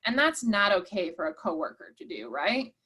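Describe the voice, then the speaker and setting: A woman's voice: mid-range voice, sing-song, moderate pace, bright, forceful tone, slightly rough. A woman leading an online workshop, encouraging and reading out participants' chat replies. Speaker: workshop presenter.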